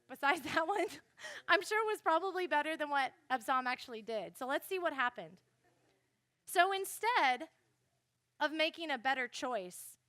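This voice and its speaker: A young woman giving a classroom Bible lesson, animated and speaking straight to her listeners. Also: high voice, dry recording, clean studio sound. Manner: animated, addresses listeners directly.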